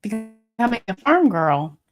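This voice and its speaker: A woman's voice: medium pitch, very animated, a little slow, faint music behind. A woman hosting a casual live stream, reading viewer comments aloud in a chatty, rambling way and laughing often. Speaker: livestream host.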